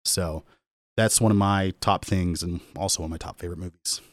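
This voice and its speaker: A man's voice: low voice, fairly even intonation, brisk, no echo, clean studio sound. A man co-hosting a podcast, chatting casually and enthusiastically with many restarts. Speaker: podcast co-host. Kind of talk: casual chat. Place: podcast studio.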